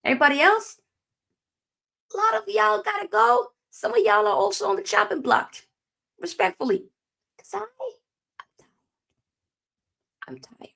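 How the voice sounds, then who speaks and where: A woman's voice: very high voice, very animated, normal speed, gravelly, pauses often, fairly bright tone. A young woman hosting a live football match reaction, ranting emphatically and answering her own rhetorical questions. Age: young adult. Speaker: football channel host.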